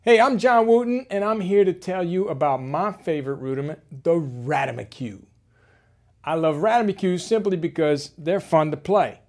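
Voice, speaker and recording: Lively man teaching drum rudiments. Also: high-pitched, normal speed. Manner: animated, playful, sings out rudiment names. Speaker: drum educator. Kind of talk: energetic drum lesson demo.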